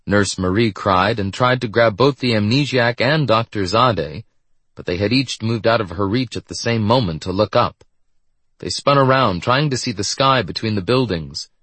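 A man narrating a story in a steady audiobook reading. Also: low voice, slightly rough, no echo.

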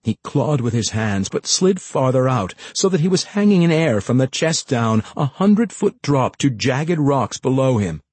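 A man narrating a fantasy story in an expressive audiobook reading. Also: medium pitch, moderate pace, hardly any pauses, husky, dry recording. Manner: expressive, shifting voices for characters.

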